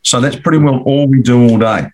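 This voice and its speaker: A man's voice: medium pitch, brisk, a little mellow. A middle-aged Australian man telling his career story as a guest, rambling and repeating words as he acts out conversations. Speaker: commercial finance broker guest. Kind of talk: casual storytelling interview.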